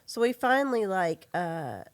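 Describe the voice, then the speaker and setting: A woman with a Southern accent, a guest on a casual podcast, telling a lively story and acting out the voices in it. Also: medium pitch, unhurried. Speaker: podcast guest, comic artist.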